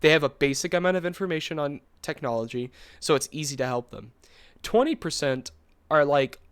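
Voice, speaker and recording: A young man co-hosting a podcast, telling a story in a rambling, animated way, full of fillers and quick laughs. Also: fairly high pitch, clean tone, dry recording. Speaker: podcast co-host. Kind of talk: casual storytelling chat.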